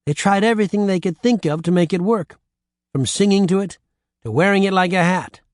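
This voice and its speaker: A man narrating an audiobook with lively storytelling on a close studio mic. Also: high voice, fairly quick, dry recording.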